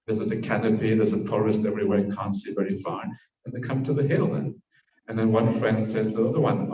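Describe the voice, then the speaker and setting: A male Buddhist monk teaches at a meditation retreat in a low, mellow voice, often tagging his sentences with "yeah". The talk is caught from a distant mic in an echoey room. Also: fairly even intonation, fast talker. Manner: storytelling with frequent tag "yeah"s.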